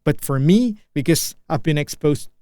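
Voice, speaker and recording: Man, Indonesian accent, solo vlog rambling, restarts often, smooth voice, dry sound. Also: fairly high pitch, animated, moderate pace, warm tone, no echo. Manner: thinking aloud, with frequent restarts and repeated phrases. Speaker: vlogger practicing English.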